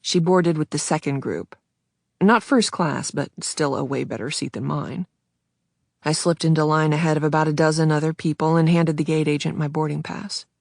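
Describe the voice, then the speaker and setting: A woman reading a first-person thriller audiobook in a hushed, tense voice, close to the mic. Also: low-pitched, steady tone, moderate pace, vocal fry, dry recording. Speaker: audiobook narrator.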